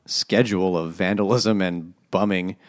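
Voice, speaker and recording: A man's voice: deep voice, fairly even intonation, a little slow, no echo, clean studio sound. A man co-hosting a casual podcast, recapping a book with profane jokes and acted-out quotes. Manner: profane, jokey, summarizes plot with acted quotes. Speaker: podcast co-host.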